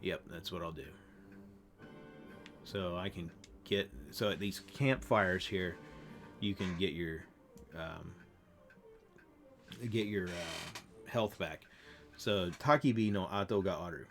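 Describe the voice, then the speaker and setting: A man who is losing his voice, explaining grammar in a casual, halting way while playing a game. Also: low voice, faint music behind. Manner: relaxed, halting explanations with fillers. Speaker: language teacher. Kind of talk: casual gameplay lesson.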